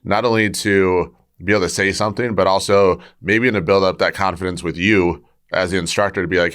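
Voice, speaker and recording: A man's voice: deep voice, fairly even intonation, fairly quick, fairly bright tone. A man hosting a podcast, talking with a martial arts background, thinking aloud with frequent restarts as he asks questions. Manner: restarts often, thinks aloud while asking. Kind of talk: conversational podcast interview.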